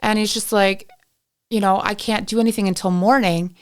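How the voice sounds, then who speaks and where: Young canadian woman rambling thru a story, smooth clear voice, says like a lot. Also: medium pitch, steady tone, normal speed. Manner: chatty, acts out both sides of a story with filler "like". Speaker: podcast guest. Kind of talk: casual storytelling.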